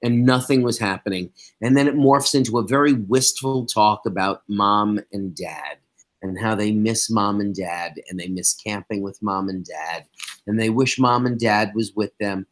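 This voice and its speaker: A man's voice: on the low side, normal speed. A middle-aged man co-hosting a podcast, recapping an episode in a wry, sarcastic casual chat. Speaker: podcast co-host.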